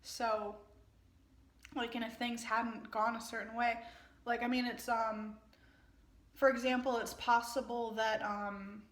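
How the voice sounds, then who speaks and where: A young woman talks through her thoughts between passages of a book she is reading aloud. Her comments ramble, full of fillers and restarts. Her voice is bright and a little high, and the room around her echoes. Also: little pitch movement, a little slow, long pauses. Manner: chatty, rambling side comments with many fillers. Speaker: reader and commentator.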